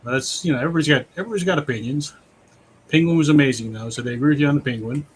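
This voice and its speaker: A man co-hosting a drawing livestream, relaxed, reading viewer comments aloud. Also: a little high, racing, a little hiss or hum, rough recording. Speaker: co-host reading chat. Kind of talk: casual chat on a livestream.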